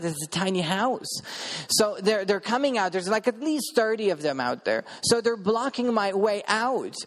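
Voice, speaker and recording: A man preaching a sermon and telling a testimony, emphatic, repeating his words and asking the audience questions. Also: high voice.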